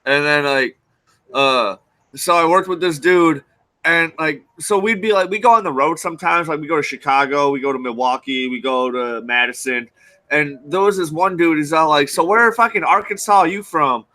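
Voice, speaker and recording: Bright, excitable, profane man. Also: on the high side, normal speed. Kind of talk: casual chat.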